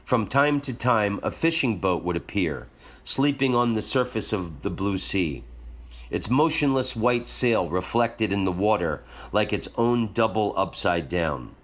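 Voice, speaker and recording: A man hosting a show, reading a short story aloud in a calm storytelling manner. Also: lowish voice, measured pace. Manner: calm storytelling, jokey afterwards. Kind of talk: reading a story aloud, then casual asides.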